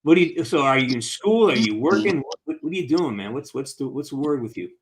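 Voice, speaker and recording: An upbeat man chatting with fans over a video call, his pitch sitting in a middling range. He talks in a casual, encouraging way, rambling on and circling back to his points. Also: animated, fast, crowd noise. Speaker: actor hosting a fan Q&A. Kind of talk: casual live-stream chat.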